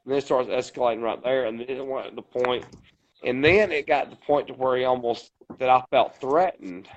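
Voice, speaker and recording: A man's voice: mid-range voice, brisk. A man co-hosting a podcast, telling a long story at a rambling pace and swearing often. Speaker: podcast co-host. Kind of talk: casual podcast chat. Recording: dull lo-fi podcast audio.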